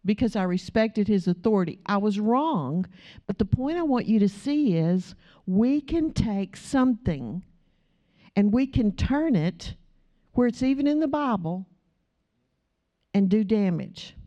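A woman's voice: mid-range voice, lively intonation, a little slow, dark tone. A middle-aged woman who teaches a church class through personal stories. She talks in a chatty way, laughs often and asks the group questions. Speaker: Bible study teacher.

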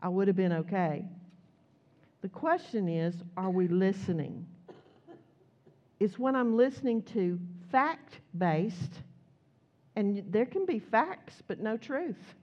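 In a slow, mid-range voice with frequent pauses, a woman preaches a sermon through conversational, animated storytelling, acting out quotes as she goes. The audio sounds dull.

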